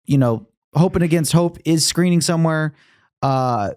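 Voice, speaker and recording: A man hosting a podcast in a studio, relaxed and chatty with lots of agreeing fillers. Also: a little high, moderate pace, clear, resonant tone, no room sound. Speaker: podcast host. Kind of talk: casual chat. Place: recording studio.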